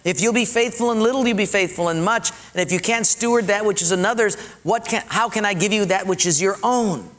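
Male preacher, sermon delivery, lively storyteller, high voice in a reverberant hall. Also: fairly quick, few pauses. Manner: animated storytelling with acted-out voices.

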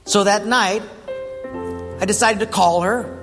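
A man's voice: sits high, steady tone, a little slow, a bit bright, long reverb tail, faint music behind. A man preaching a sermon in a conversational way and putting questions to the congregation. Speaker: pastor.

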